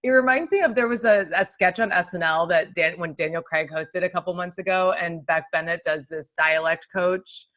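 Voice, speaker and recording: Bright-voiced bubbly woman chatting. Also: on the low side. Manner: bubbly, laughs often, quick asides. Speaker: podcast co-host. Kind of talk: casual film chat.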